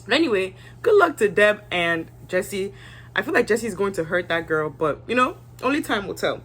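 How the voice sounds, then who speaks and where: A woman's voice: mid-range voice, very animated, moderate pace, a bit bright, breathy edge. Young woman, casual and blunt, talks straight to camera with her own opinions. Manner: chatty, candid, acts out cast members' lines. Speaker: reality show reviewer.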